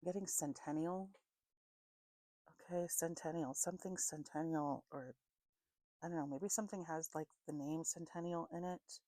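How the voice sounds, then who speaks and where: A woman with a low, deep voice gives a psychic reading in a musing, unhurried way. She spells out names letter by letter, trails off, and corrects herself. The sound is dry and close, with no room around it. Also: warm tone, dry recording, poor audio. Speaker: psychic reader. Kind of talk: intuitive reading monologue.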